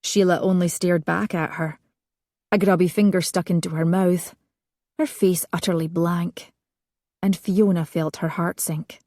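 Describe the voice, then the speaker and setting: A woman reading a historical romance audiobook in a measured, expressive narration. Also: lowish voice, dry recording, studio quality.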